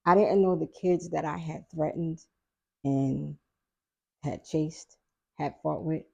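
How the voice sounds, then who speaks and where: A middle-aged woman with a low voice tells a story from her past in a relaxed, chatty way. Her voice has a gravelly fry and a husky edge. She acts out the people she quotes with lively little voices and laughs along the way. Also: slow, highs cut off. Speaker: podcast guest. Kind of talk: casual storytelling.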